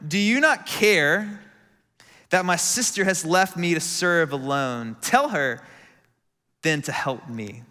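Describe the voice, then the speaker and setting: A man voicing a snarky, complaining woman in a sermon, a little higher and louder than his usual preaching voice. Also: expressive, takes it slowly, in a large hall, full character voice. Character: snarky put-upon woman hostess.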